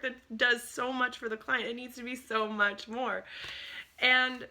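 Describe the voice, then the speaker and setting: A woman vlogging on a phone camera, telling personal stories in a casual, animated way and laughing often. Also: on the high side, fairly quick.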